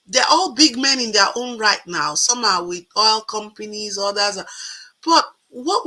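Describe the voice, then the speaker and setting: A woman in her forties telling a personal story in a casual, animated way, acting out the people she quotes. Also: on the high side, poor audio. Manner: animated, acts out quoted voices.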